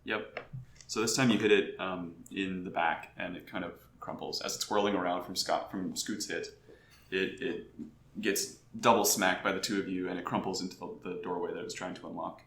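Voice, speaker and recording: A man narrating a tabletop game as game master, unhurried, with frequent ums and restarts. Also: low voice, fairly even intonation, fairly bright tone, slight background noise. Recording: roomy home recording.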